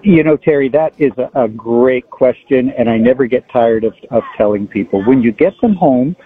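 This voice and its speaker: Male phone-in guest, husky, friendly and rambling, tinny phone-line sound. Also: medium pitch, moderate pace. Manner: relaxed, friendly, a bit rambling. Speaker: phone-in guest, flower farmer. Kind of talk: casual radio chat. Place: outdoor farmers market. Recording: phone-line call-in audio.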